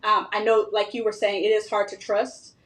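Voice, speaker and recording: A woman host in a casual podcast conversation, telling family stories with lively retellings of what her relatives said. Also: mid-range voice, normal speed. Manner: animated storytelling, acting out family members' lines.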